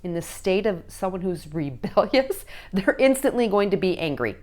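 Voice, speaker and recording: A woman's voice: mid-range voice, big pitch swings, moderate pace, a little mellow. Woman coaching parents to camera, keeps asking "okay?", acts out little quotes. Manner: coaching, checks in with repeated "okay?". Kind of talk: direct-to-camera advice talk.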